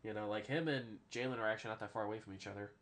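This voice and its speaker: Male podcast host, bright forceful voice, rambly, swears, keeps saying "all right?". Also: on the low side, rapid-fire. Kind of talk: casual sports podcast chat.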